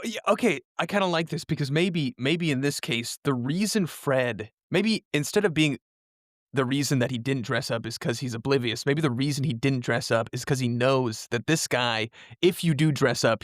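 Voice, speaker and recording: A man with a medium-pitched voice co-hosts a casual story podcast and keeps adding to the group's ideas. He sounds eager, and the recording is dry and close. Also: normal speed, no room sound. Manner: eager brainstorming, building on ideas. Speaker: podcast co-host. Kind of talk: casual story-planning chat.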